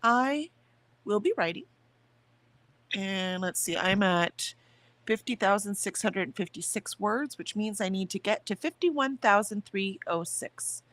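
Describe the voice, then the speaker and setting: A woman talks in a loose, rambling way to her livestream chat. Her pitch sits in the middle for a woman. She chats casually about her morning. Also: expressive, a little slow, a bit bright, no echo. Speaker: livestream host.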